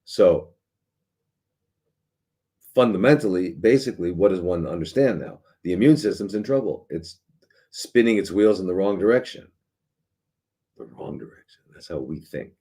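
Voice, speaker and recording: A man's voice: low-pitched, expressive, moderate pace, pauses often, warm tone, breathy edge. A middle-aged man, a doctor hosting a live show, talking casually in a sarcastic, rambling way with many restarts and fillers.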